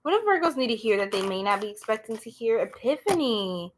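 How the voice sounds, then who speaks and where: A woman's voice: fairly high pitch, sing-song, brisk, background noise. Chatty woman reading tarot on a live stream. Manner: chatty, greets viewers, slangy and blunt.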